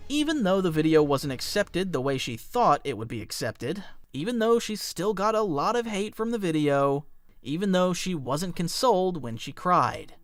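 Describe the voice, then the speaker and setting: A man with a high, very lively voice narrates a commentary video. His delivery is scripted, wry and opinionated. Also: normal speed, no room sound, studio quality, faint music behind.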